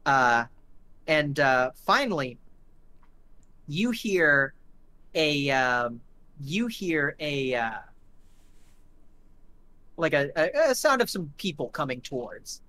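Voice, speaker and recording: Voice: mid-range voice, big pitch swings, slow, long pauses, bright, forceful tone. A game master narrating a tabletop game in a casual, rambling way, full of fillers and swearing.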